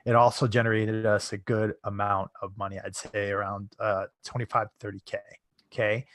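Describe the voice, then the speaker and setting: A man's voice: lowish voice, level tone, moderate pace, a bit bright. A man presenting a casual live webinar, chatty, often tagging his sentences with "right?".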